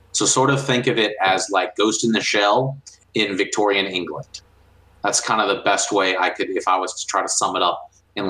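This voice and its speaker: A man's voice: lowish voice, pushed and bright. A man co-hosting a casual gaming podcast, explaining enthusiastically with many restarts. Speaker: podcast co-host. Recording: roomy echo.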